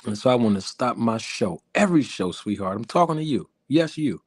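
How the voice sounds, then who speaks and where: A man putting on a soft, smooth crooner voice to address the women watching his live stream. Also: animated, no room sound, clean studio sound. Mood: smooth, courtly. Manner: soft, slow, low and suave. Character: smooth-talking male crooner charming the ladies.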